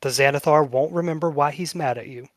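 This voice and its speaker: A fairly high-voiced man runs a tabletop game, casual and loose, dropping swear words and slowing down for dramatic narration. The sound is close and dry, with no room around it. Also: fairly bright tone, no echo. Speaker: game master.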